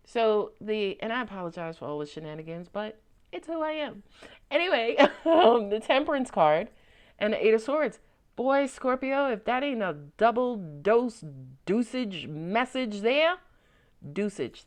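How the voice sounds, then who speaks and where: A woman giving a casual tarot reading, chatty and joking, with slangy asides and frequent laughs. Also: medium pitch. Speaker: tarot reader.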